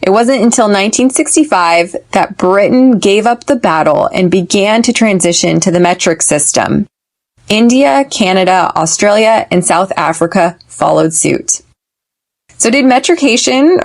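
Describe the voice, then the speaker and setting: Woman teaching English in a clear, measured way. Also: medium pitch. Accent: American. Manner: slow, clear drilling with listen-and-repeat phrases. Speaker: podcast host and English teacher. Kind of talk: podcast English lesson.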